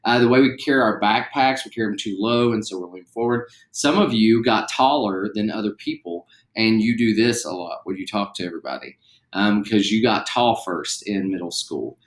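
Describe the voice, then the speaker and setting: Relaxed West Virginian man teaching theatre. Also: lowish voice, moderate pace, echoey room. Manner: relaxed, chatty, with frequent fillers and demonstrations. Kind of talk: recorded online class lesson.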